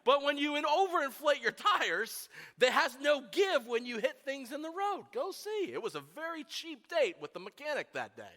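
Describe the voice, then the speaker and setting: A man preaching a sermon, telling self-deprecating funny stories about himself to a church congregation in an animated way. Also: very high-pitched, normal speed, hardly any pauses. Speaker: pastor. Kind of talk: humorous sermon storytelling. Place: church sanctuary. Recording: long church hall reverb.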